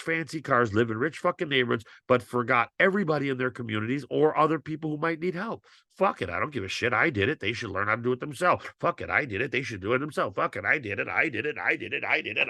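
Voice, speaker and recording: A man's voice: medium pitch, pushed and bright, no echo, clean studio sound. A male teacher lecturing his students in an impassioned, blunt way, swearing freely.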